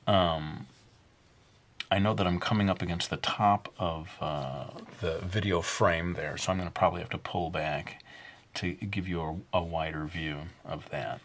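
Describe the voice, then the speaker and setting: A drawing instructor with a somewhat low, fairly bright voice narrates a casual tutorial, jokingly putting on a Brooklyn accent as he sketches. He rambles in a steady tone, poking fun at himself and filling pauses with many uhs.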